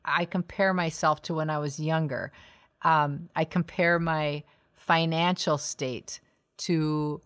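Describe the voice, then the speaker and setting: Low-voiced reflective woman co-host. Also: fairly even intonation, takes it slowly, fairly bright tone. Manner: reflective, laughs often, restarts sentences. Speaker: podcast co-host. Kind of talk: casual conversation.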